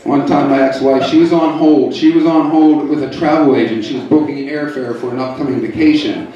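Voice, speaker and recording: Deadpan comedian in an echoey club. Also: male voice, medium pitch, brisk, recorded from a distance, highs cut off. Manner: deadpan, teasing the crowd. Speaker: stand-up comedian. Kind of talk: stand-up comedy set. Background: audience laughing.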